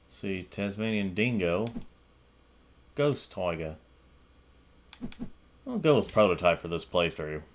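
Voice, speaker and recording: A man hosting a casual let's-play, talking in a rambling, hesitant way while he plays. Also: fairly low pitch. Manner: rambling, hesitant, lots of fillers. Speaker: gaming channel host.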